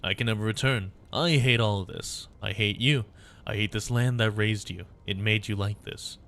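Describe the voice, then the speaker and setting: A man voicing a cold, vengeful woman warlord with fire powers, reading her lines slowly and bitterly. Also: lowish voice, fairly even intonation, fairly bright tone. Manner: slow, menacing and bitter.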